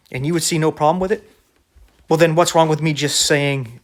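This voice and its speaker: Talking fast in a voice on the high side, a man delivers a blunt, argumentative sermon to camera in a conversational style. He keeps asking "right?" to check in with his listeners.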